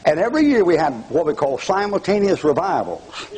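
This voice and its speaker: A man's voice: a little high, big pitch swings, fairly quick, a little mellow, slightly rough, poor audio. An older man preaching a televised fire-and-brimstone sermon, mocking and taunting his audience with bursts of laughter.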